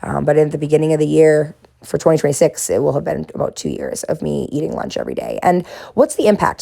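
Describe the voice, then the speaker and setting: A woman with a faint Boston accent talks through her painting in a low, mellow, gravelly voice. She reflects gently and encourages her viewers, and laughs at herself now and then. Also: very animated, quick pace, few pauses. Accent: faint Boston, mostly smoothed out. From Boston area. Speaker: art vlogger and therapist. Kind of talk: casual reflective talk while painting.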